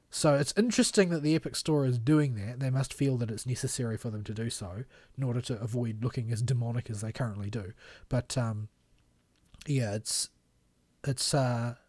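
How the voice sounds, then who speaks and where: A man's voice: medium pitch, no echo. A man co-hosting a long streamed podcast, giving opinionated commentary and rambling until his words trail off, his voice tired. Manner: critical, rambling, trails off quietly. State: voice tiring after long stream. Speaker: podcast co-host.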